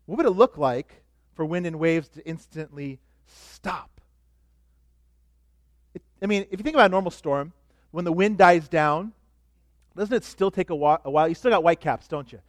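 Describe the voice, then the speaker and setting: A middle-aged man preaching a sermon as pastor, animated, dropping to soft asides. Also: high-pitched, dry recording, studio quality.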